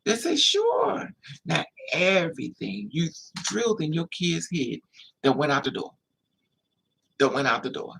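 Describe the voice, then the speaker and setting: Gravelly-voiced man telling a story. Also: fairly high pitch, normal speed, pauses often, slight background noise, rough recording. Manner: animated, acts out quoted voices. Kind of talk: casual storytelling monologue.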